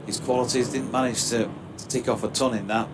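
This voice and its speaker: A man giving relaxed, chatty live cricket commentary with dry quips. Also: medium pitch, a little fast, noisy background.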